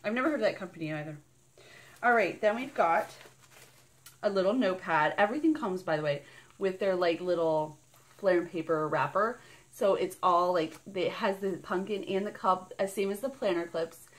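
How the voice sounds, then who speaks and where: A woman's voice: on the low side, normal speed. A woman vlogging an unboxing in a casual, bubbly and rambling way, gushing over each item. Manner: bubbly and gushing, squealing with delight; rambling and chatty.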